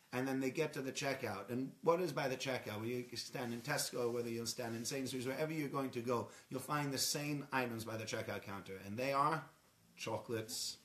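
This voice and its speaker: A man's voice: medium pitch, fairly bright tone. A man giving a Torah talk, explaining step by step with rhetorical questions and Hebrew terms. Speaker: Torah teacher. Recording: echoey room.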